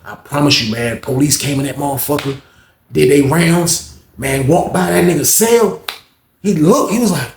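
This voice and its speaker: A man telling a story in casual slang, animated and acting out other people's voices. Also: on the high side, normal speed, creaky, reverberant.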